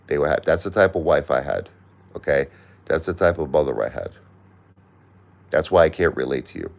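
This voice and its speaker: Middle-aged male livestream host, very low gravelly voice, blunt and preachy, near tears. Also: a little fast. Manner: blunt, repetitive, preachy advice. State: close to tears. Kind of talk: emotional live-stream talk to a caller.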